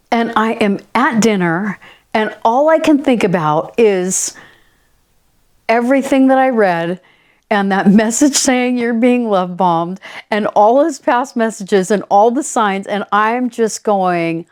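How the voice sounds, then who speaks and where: A woman hosting her own podcast and recounting a personal experience in plain, candid terms. She talks in a lively way and slips into the voices of the people in the story as she quotes them. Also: fairly high pitch, slow pace. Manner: candid and animated, acting out quoted dialogue. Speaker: podcast host.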